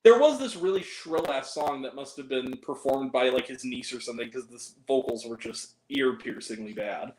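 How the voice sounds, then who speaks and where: A man's voice: medium pitch, normal speed, hardly any pauses, darkish tone, echoey room. A man hosting a movie review podcast, chatting casually in a rambling, profane way, full of fillers and giggles. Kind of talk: casual chat.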